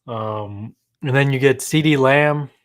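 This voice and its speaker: Mid-pitched male co-host, subdued and hesitant. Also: takes it slowly. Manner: subdued, glum, hesitant with many ums. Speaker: podcast co-host. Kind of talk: casual sports chat.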